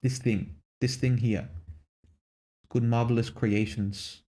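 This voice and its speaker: A man's voice: medium pitch, fairly even intonation, takes it slowly, warm tone. A young man with a mixed Australian-English accent, chatting casually on a stream, rambling and swearing lightly. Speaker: VTuber streamer.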